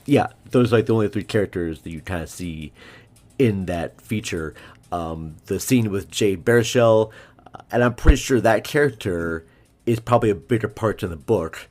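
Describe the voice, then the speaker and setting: A man talking casually about a film in a rambling podcast chat, with lively asides. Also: on the low side, moderate pace. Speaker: podcast guest.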